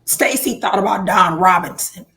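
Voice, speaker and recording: A woman co-hosting a casual podcast chat, voice going hoarse, animated with playful exaggerated reactions. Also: medium pitch, moderate pace, background noise. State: losing her voice. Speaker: podcast co-host.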